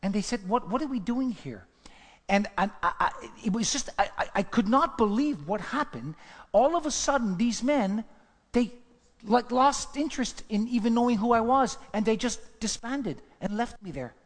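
A man's voice: very high voice, expressive, normal speed. A man preaching a sermon, telling his testimony as a dramatic story and building to fervent emphasis. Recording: long reverb of a large hall.

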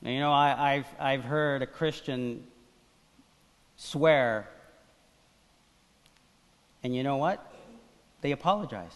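A pastor preaching a sermon in an animated style, swinging between loud emphasis and quiet asides. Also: male voice, mid-range voice, takes it slowly, pauses often, big-room sound. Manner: animated preaching, acts out voices of biblical figures.

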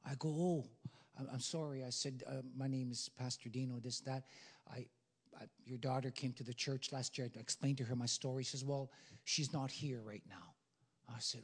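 A man preaching a sermon as a pastor, telling a story and swinging from hushed whispers to loud, emphatic bursts. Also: mid-range voice, normal speed, breathy edge.

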